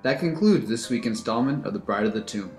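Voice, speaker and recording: A man's voice: on the low side, lively intonation, a little fast. Man announcing over faint music. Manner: plain, informative. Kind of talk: scripted outro announcement. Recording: roomy with music underneath.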